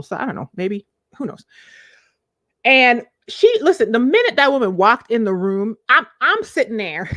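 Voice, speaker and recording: Expressive woman in her forties, storytelling. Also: dry recording, clean studio sound. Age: 40s. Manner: expressive, confiding, laughing storyteller with sudden pitch leaps. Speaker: vlogger, life coach. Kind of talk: candid storytelling to camera, live stream.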